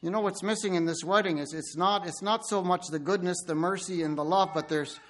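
A man's voice: sits high, fairly quick. A man preaching a sermon, telling stories and speaking directly to his listeners. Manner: animated storytelling, addresses listeners directly.

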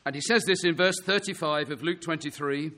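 High, bright-voiced male preacher. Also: fairly quick. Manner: earnest, emphatic preaching with rhetorical questions. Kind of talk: sermon.

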